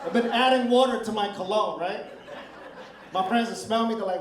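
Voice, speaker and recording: A brash, high-voiced man delivers a crude stand-up set, chatting with the crowd between jokes. He sounds a little far from the mic in a roomy comedy club, and the audience noise is heard clearly in the room. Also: brisk. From Philippines heritage. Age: middle-aged.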